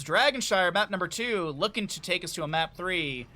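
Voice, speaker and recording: A man casting a live esports match, calling fast play-by-play and wandering into chatty asides he shares with his chat. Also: high voice. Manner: excitable, rambling asides between fast play-by-play; chatty, talks directly to chat. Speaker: esports caster.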